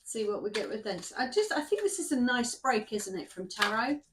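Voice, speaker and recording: A woman's voice: fairly high pitch, very animated, moderate pace, a little hiss or hum. A middle-aged woman in a summer house, rambling casually to herself as she reads oracle cards. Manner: chatty, rambling, talks to herself while shuffling cards. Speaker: tarot card reader. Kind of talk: casual oracle card reading.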